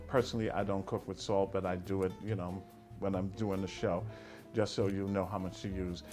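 A man's voice: sits low, flat delivery, brisk, darkish tone, soft background music. A middle-aged man hosting a cooking show, talking casually and playfully, humming and chuckling as he cooks. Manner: chatty and playful, hums and chuckles while cooking.

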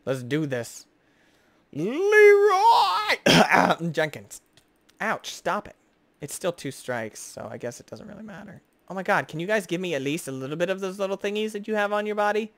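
A young man giving excitable, jokey gameplay commentary as host, chatting to the creatures on screen. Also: sits high, no echo. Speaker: gaming video host.

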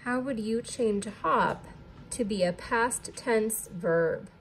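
A woman's voice: a little high, slow, a little hiss or hum. A woman teacher leading a recorded distance-learning lesson, patiently spelling words letter by letter.

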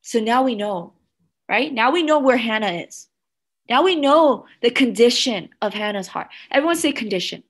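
A woman children's pastor preaching to kids, animated and asking the room questions. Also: a little high, normal speed. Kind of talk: children's sermon.

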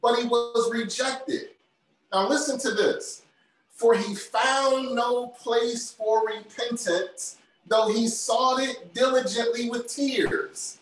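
A man's voice: very high voice, fairly even intonation, slow pace, a bit bright, slight background noise. A man preaching a sermon, driving his points home emphatically and repeating key phrases. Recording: very echoey, from far off.

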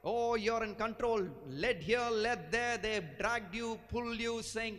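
A man preaching a sermon as pastor, exhorting and repeating phrases, sometimes slipping into a low drawl to mock lazy believers. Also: a bit bright. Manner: exhorting, repetitive, acts out lazy churchgoers in a low slow voice. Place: church sanctuary. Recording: church hall reverb.

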